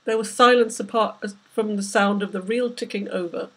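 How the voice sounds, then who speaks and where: A woman's voice: mid-range voice, fairly even intonation, moderate pace, fairly bright tone, husky. A woman, the author, reading aloud from her novel with vivid, dramatic storytelling. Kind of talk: literary reading.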